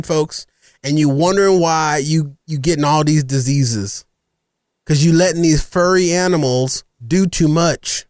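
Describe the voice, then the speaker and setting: Brief: animated male host, higher voice, bouncy delivery, dry close sound, faint music under. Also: no echo. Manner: animated, laughs often, drawn-out exclamations. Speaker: show host. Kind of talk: casual podcast chat.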